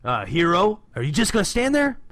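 A man's voice: sits high, huge pitch swings, brisk, fairly bright tone, no room sound, voice pushed up, exaggerated voice. A man voicing a brash male street brawler from a comic book, cocky and streetwise.

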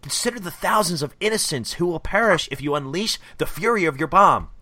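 A man reading aloud the measured, pleading lines of a wise old male rat mentor from a comic. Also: fairly high pitch, lively intonation, sharp tone, dry recording, voice pushed up. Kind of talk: read-aloud comic dialogue.

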